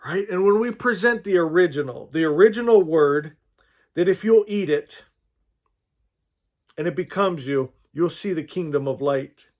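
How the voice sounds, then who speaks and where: A man's voice: high voice, moderate pace, a little mellow. A man giving an informal, earnest sermon, rambling through personal stories with frequent restarts and asides to his listeners. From California, USA. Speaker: spiritual teacher.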